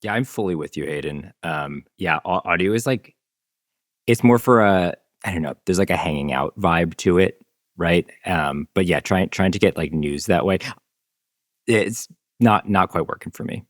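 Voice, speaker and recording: A man's voice: sits low, moderate pace, no room sound, studio quality. A man joining a podcast chat, laid-back and jokey, with lots of "like" and "um". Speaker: podcast guest panelist. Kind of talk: casual chat.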